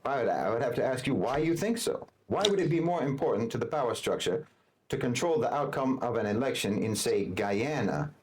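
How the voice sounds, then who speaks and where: Guy reading a scripted rant, mid pitch, measured. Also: expressive. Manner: measured, argumentative. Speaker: narrator of the original video. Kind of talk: scripted narration.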